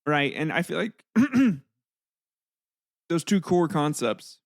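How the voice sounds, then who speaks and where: Gravelly man chatting loosely. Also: on the high side, sing-song, slow, dry recording, studio quality. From United States. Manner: rambling, loose, full of fillers and chuckles. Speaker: podcast host. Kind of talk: casual solo podcast chat.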